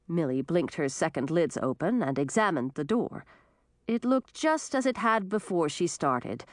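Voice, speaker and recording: A woman narrating a fantasy storybook in an expressive, animated reading. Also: on the low side, a little slow, no echo, clean studio sound. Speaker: audiobook narrator.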